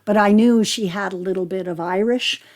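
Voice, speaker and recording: An older woman, an actress and storyteller, chatting in an interview and telling lively anecdotes about her acting. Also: mid-range voice, brisk. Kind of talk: casual interview chat.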